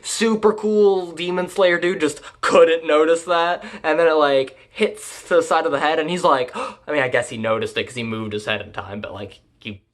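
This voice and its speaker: A man's voice: on the high side, steady tone, moderate pace, few pauses. A young man recapping an anime in a casual, rambling and crude manner, joking as he goes. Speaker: anime reviewer.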